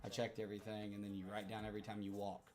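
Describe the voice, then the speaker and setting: A man's voice: lowish voice, completely flat delivery, rapid-fire, a little mellow, faint music behind. A man casually telling a rambling, profane story to a live chat, repeating himself as he goes.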